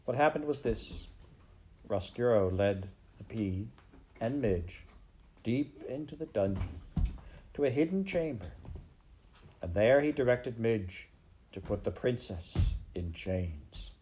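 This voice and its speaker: A man reads a storybook aloud with slow, dramatic pacing. His low voice rises and falls widely to shape each sentence. Faint clicks sit under the reading. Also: lively intonation, mellow, a little hiss or hum, low-quality recording. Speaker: audiobook narrator.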